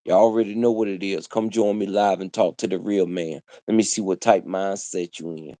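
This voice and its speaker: Preachy man with a low, mellow voice. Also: steady tone, moderate pace, no room sound. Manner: preachy, repetitive, street slang. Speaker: livestream host. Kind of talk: casual livestream monologue.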